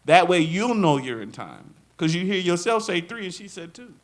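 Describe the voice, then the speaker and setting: A man's voice: high voice, very animated, normal speed. A man giving a live drum clinic to an audience. He jokes, laughs often and acts out quotes. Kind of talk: live workshop talk and Q&A.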